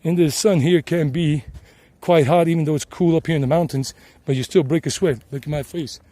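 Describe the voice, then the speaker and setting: Casting: middle-aged Southern US man, slightly high and mellow, rambling as he walks a trail with a phone in hand. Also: fairly even intonation, a little fast, dry recording. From South Carolina, United States. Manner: chatty, meandering, repeats himself. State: sweating from the climb. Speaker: travel vlogger and English teacher. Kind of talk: casual rambling narration while hiking. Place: outdoors on a mountain trail. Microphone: handheld phone.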